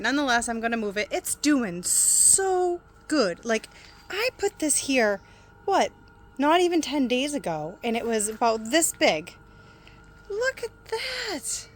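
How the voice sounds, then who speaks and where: A woman chatting casually and excitedly while showing her backyard garden plants outdoors. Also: high voice, a little hiss or hum. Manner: chatty and excitable, laughs easily. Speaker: gardening vlogger.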